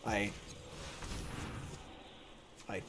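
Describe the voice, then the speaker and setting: A man's voice: drawn-out words, fairly bright tone. A young man giving casual, joking commentary while he streams a card game. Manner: joking, talks to himself and the opponent. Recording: background noise.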